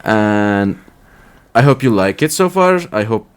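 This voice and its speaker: A man from Turkey co-hosting a casual podcast, rambling with lots of filler words and gently teasing his partner. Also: lowish voice, expressive, a little slow, smooth. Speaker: podcast co-host. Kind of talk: casual chat.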